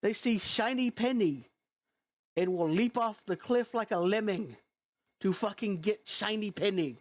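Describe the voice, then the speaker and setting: A woman with a youthful-sounding voice delivers a heated, blunt reaction rant. She talks slowly and swears freely, her frustration plain in every phrase. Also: mid-range voice. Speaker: vlogger.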